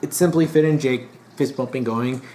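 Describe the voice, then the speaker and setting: There's a faint hiss or hum under this vlogger's mellow, mid-range voice, which moves at a normal speed. Exasperated and let down, the casual monologue wanders, full of fillers and false starts.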